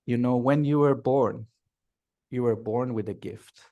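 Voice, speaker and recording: A man's voice: mid-range voice, a little slow, phone-quality sound, natural voice. A man voicing a serious older village midwife who speaks earnestly in a story.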